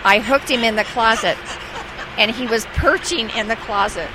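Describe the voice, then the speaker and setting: A woman who works as a flight attendant, telling an anecdote in a lively way and acting out the dialogue. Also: on the high side, moderate pace, heavy background noise. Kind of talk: anecdote told in an interview.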